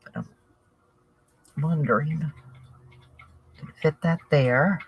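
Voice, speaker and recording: Through muffled audio with slight background noise, a Southern US woman speaks extremely slowly in a deep voice. She chats casually to camera, rambling and thinking aloud about the craft she's working on.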